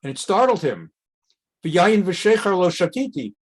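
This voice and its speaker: A middle-aged man, a rabbi, teaching a conversational class on a Bible text, reading Hebrew passages and translating them with asides, jumping up in pitch when he acts out quotes. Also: unhurried, husky. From America. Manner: animated, jumps up in pitch when acting out quotes.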